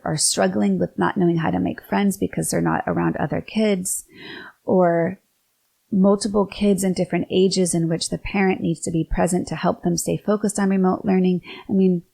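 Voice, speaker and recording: Gravelly, mellow-voiced woman host. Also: on the low side. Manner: earnest and candid, with some repeated restarts. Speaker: podcast host. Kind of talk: personal storytelling monologue.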